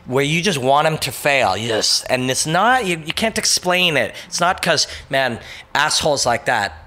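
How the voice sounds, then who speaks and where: A man's voice: on the high side, big pitch swings, moderate pace, sharp tone. A man hosting a casual motivational monologue, rambling and emphatic, with frequent swearing and brief mocking voices for quotes. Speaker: host.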